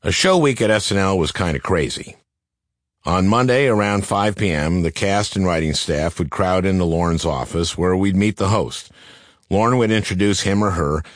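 An older man narrates his own memoir, his voice sitting very low. He lands the jokes flat and deadpan. The sound is close and dry, with no room around it. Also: normal speed, dry recording. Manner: dry, deadpan comic delivery.

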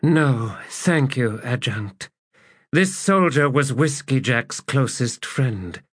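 A man voicing a grieving woman of an ancient non-human race, speaking formally and softly in an audiobook. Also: mid-range voice, lively intonation, slow, breathy edge, no room sound, clean studio sound, voice pushed up. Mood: solemn. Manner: formal, hesitant and soft.

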